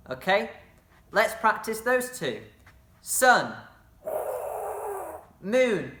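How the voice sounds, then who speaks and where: A bright, forceful voice leads a children's drama session, calling out actions and praising every attempt. The leader cheers the kids on and throws in playful sound effects. The room gives the voice a noticeable echo. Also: mid-range voice, big pitch swings, extremely slow, long pauses, a little hiss or hum. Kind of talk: instructing children in a movement game.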